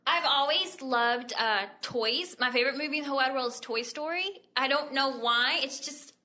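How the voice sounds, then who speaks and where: A woman's voice: sits high, normal speed, bright, forceful tone, slight background noise. A woman who is a guest on a podcast, chatting in a giggly, earnest way. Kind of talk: casual podcast chat.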